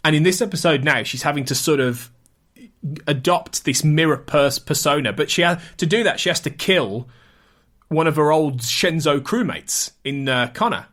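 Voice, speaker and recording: A man hosting a podcast, talking in a chatty, animated way with frequent restarts. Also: on the high side, normal speed. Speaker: podcast host. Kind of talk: casual chat.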